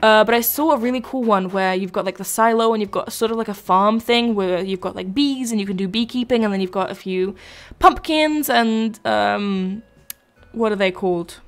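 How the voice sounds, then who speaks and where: A woman's voice: medium pitch, moderate pace. A young woman chatting casually while live-streaming a video game, rambling between thoughts and answering her chat.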